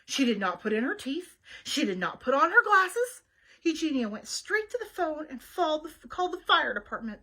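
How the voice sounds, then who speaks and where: Her voice sits high and swings widely in pitch, carrying a sharp tone at a normal speed. She's a librarian reading a picture book to kids on webcam, chatting with her young listeners about the illustrations as she holds them up.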